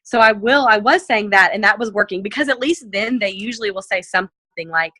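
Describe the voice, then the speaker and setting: A woman's voice: a little fast, dry recording. A woman leading a casual sales coaching talk over a video call, chatty and full of "like" and "you know," perking up when she acts out messages. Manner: animated, jumps up in pitch when acting out messages. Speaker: direct sales team leader. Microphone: video call mic.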